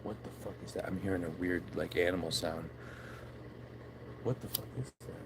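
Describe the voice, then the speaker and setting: A man's voice: low voice, moderate pace, vocal fry, background noise. A man vlogging by his backyard shed late at night into his phone, rambling casually, swearing and laughing at himself.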